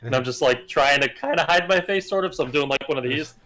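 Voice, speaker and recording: A man's voice: fairly high pitch, fast, pushed and bright. A man playing a tabletop game, casually describing what his character does. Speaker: player.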